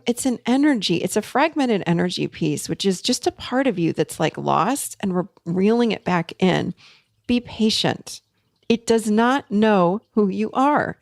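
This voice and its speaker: A woman in her forties, a therapist, hosts a teaching podcast in an earnest, coaching manner, speeding up and slowing down as she goes. Her mid-range voice is creaky, captured with studio quality and no echo.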